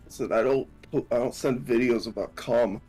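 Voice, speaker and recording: A man's voice: mid-range voice, fairly even intonation, moderate pace, a little mellow, soft background music. A man co-hosting a casual stream, bantering and playing defensive. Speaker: streamer co-host.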